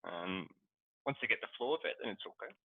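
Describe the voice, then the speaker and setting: A man, a native English speaker and teacher, chatting casually and relaxed, often saying "you know". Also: fairly low pitch, a little fast, creaky. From English-speaking country. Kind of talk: casual conversation. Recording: tinny phone-like call line.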